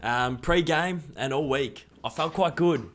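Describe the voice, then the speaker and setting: A young Australian man chatting casually on a live stream, excitable and rambling. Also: a little high, a little slow.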